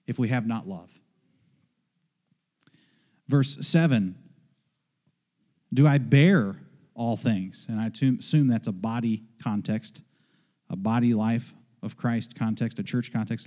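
A male pastor preaching a sermon, emphatic and full of rhetorical questions, sometimes dropping low for quick asides. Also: mellow.

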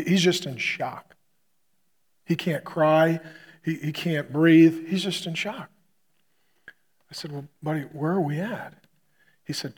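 A man preaches from the pulpit in a slightly high, husky voice. He tells his story in vivid bursts, then drops to a soft, hushed delivery for the heavy moments. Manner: swings from loud punchy bursts to quiet hushed retelling. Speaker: pastor. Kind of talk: sermon storytelling.

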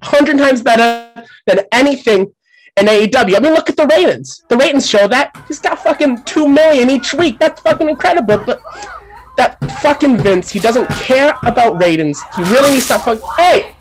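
A loudmouth male wrestling pundit, played by a man, ranting with nonstop profanity. He swings between grumbling and yelling at people off-mic, all in a comic bit. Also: very high voice, animated, normal speed, rough recording. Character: brash foul-mouthed male wrestling pundit. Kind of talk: comedic character segment.

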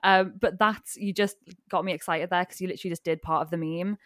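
A woman's voice: lowish voice, fairly even intonation, quick pace, a bit bright, no room sound, studio quality. Bubbly woman hosting. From North East England coast. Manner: bubbly, giggly, rambling with many fillers. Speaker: panel host. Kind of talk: casual panel discussion.

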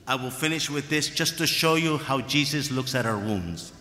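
A man's voice: medium pitch, animated, moderate pace, bright, forceful tone. A man preaching a sermon as a priest, emphatic and fond of repeating his phrases. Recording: echoey hall with long reverb.

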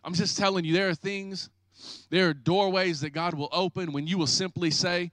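A man pastor preaching an energetic, joking sermon, acting out people's excuses. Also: high-pitched, moderate pace, no echo, studio quality.

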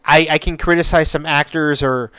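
A man's voice: on the high side, steady tone, moderate pace, pushed and bright, clear, resonant tone, dry recording. A man hosting a casual solo podcast, rambling with many repeated words and swearing freely. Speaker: podcast host.

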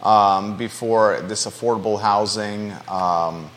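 A man's voice: lowish voice, steady tone, slow pace, a bit bright. A man co-hosting a live talk show, joking and teasing in casual banter.

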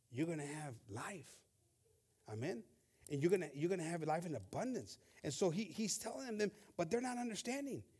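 A man preaching a bilingual sermon, reading scripture slowly and emphatically and rising with emphasis. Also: high-pitched, a little mellow. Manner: switches between English and Spanish, reads scripture slowly and emphatically.

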